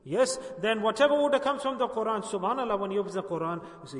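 A man's voice: high voice, animated, quick pace, hardly any pauses, a bit bright. Man preaching in an echoey mosque. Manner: impassioned, pleading, repetitive exhortation. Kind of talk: sermon. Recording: distant echoey hall recording.

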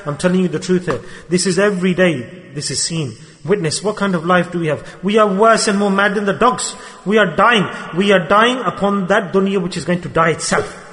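A man with a high voice and delivers an earnest, animated sermon. He slips into quoted voices as he talks, and his words ring out with the long reverb of a large hall. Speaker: preacher.

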